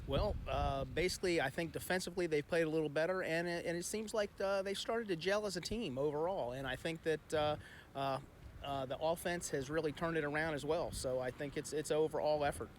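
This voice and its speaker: Hesitant male fan, slightly high voice. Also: fairly even intonation, slight background noise. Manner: hesitant, halting with fillers. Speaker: fan guest. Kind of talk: casual interview.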